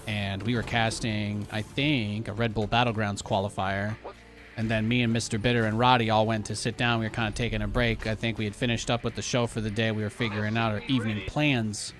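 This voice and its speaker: A man's voice: on the low side, flat delivery, brisk, fairly bright tone, faint music behind. A young man from New York City streaming a game and chatting casually, with sarcastic, ranting asides. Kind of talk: casual live-stream chat.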